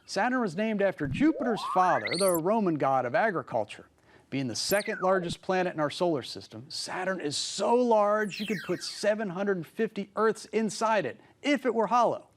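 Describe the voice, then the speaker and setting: A man's voice: high voice, expressive, moderate pace, a little hiss or hum. A man co-hosting a scripted astronomy program as an astronomer, reading in a friendly, informative way. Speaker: co-host, astronomer.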